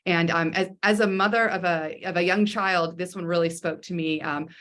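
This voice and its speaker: A woman's voice: fairly low pitch, steady tone, normal speed, fairly bright tone. A woman educator and mother speaking thoughtfully to parents over a video call, often restarting her phrases. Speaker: school educator, mother of a young child. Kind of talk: explanatory presentation.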